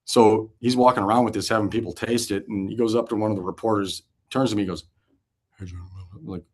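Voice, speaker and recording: A man around forty, a former pitcher guesting on an interview show, telling locker-room stories in a loose, animated way, swearing freely and laughing as he goes. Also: fast talker. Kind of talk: casual storytelling interview.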